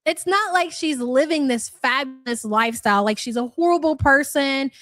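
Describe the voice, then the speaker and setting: A woman's voice: high-pitched, normal speed, fairly bright tone. A young woman hosting a live reaction stream, blunt, sarcastic and profane as she comments and greets viewers. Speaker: streamer host.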